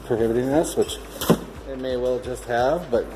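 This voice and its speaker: A man hosting a vlog, giving casual commentary while unboxing a storage unit. He jokes, swears freely and thinks out loud. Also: medium pitch, moderate pace, background noise. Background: background music.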